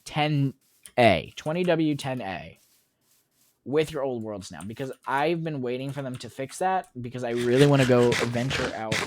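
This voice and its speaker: A young man rambles through a casual gaming stream, cracking jokes and answering his chat as he plays. His voice sits at an ordinary middle pitch. Heavy keyboard clatter and mouse clicks run loudly under everything. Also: very noisy. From United States. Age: young adult. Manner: rambling, joking, talks back to chat.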